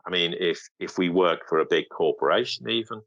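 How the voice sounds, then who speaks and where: A man's voice: low voice, brisk, a bit bright, dry recording, muffled recording. A man speaking as a guest commentator in a podcast interview, emphatic and sarcastic, often acting out the voices of others.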